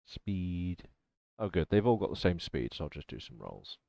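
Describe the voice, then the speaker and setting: Guy gm-ing a tabletop game, lowish voice, lots of ums and laughs, dry close sound. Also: very animated, normal speed, vocal fry, warm tone, dry recording. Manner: laughs often, thinks aloud with ums while checking rules. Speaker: game master. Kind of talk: running a tabletop game over voice chat.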